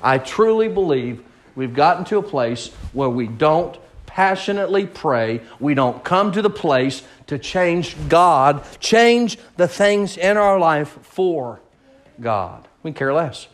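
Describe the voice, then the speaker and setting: A man's voice: on the high side, animated, slow. A man preaching a sermon in an impassioned, pleading way, repeating words and building to outbursts.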